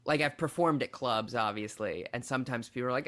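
Fast-talking, tangential male comedian. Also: mid-range voice. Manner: fast, tangential, animated, full of "like" and self-deprecating asides. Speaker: comedian guest. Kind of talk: casual chat. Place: New York.

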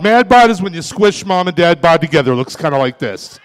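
Self-mocking stand-up comic, high voice. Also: male voice, brisk. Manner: deadpan, self-mocking punchlines. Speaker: stand-up comedian. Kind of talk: stand-up comedy set. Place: comedy club stage. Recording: reverberant club room.

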